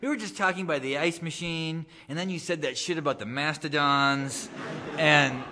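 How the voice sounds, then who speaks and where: A man's voice: on the high side, moderate pace, bright, forceful tone, slight background noise. A man reading aloud the lines of a tipsy teenage girl, who gushes, apologizes and says "like" and "totally" a lot. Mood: apologetic. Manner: gushing, apologetic, sprinkled with "like" and "totally". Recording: long reverb of a gallery hall.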